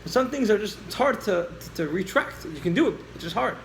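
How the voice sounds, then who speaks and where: A man teaching a class, telling a story with lively acted-out dialogue and questions to the listeners. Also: high voice, fairly quick, creaky, a little hiss or hum, rough recording.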